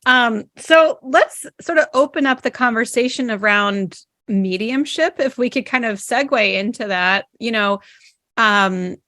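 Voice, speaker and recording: Higher-voiced woman, dry close sound. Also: a little slow, sharp tone, no echo. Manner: chatty, storytelling, asks questions. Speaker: podcast guest, also a podcast host. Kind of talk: casual interview chat.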